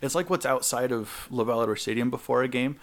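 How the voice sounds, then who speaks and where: Young male podcast co-host, relaxed storyteller, lively when quoting others. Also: mid-range voice, quick pace. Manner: animated, acts out quoted people in raised voices. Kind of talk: casual storytelling chat.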